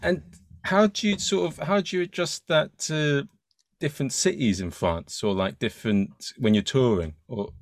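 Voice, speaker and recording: A male interviewer asking long, halting, loosely phrased questions in a casual chat. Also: medium pitch, no echo, clean studio sound. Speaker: podcast host, interviewer.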